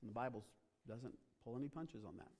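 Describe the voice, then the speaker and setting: A male pastor delivers a sermon with a mid-range voice, building to loud, emphatic stretches. The sound carries the long reverb of a large church auditorium, and he talks straight to his congregation. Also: medium pitch, fairly quick. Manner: dramatic, rising to loud emphatic passages.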